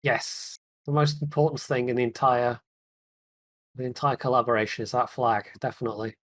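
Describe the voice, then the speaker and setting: A man's voice: medium pitch, level tone, moderate pace, a bit bright. Casting: male podcast host, easygoing, talkative, laughs a lot, lets sentences trail away. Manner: chatty, laughs often, trails off. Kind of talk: casual gaming chat.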